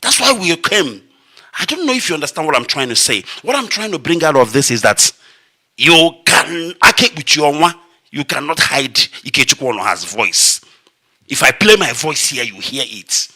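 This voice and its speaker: An animated, very lively voice from a man with a Nigerian Igbo accent. He speaks as a broadcaster in a declamatory monologue, hammering each point home through repetition. His voice is sharp and forceful, set on the higher side for a man. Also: normal speed. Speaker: online radio broadcaster. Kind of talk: impassioned monologue address.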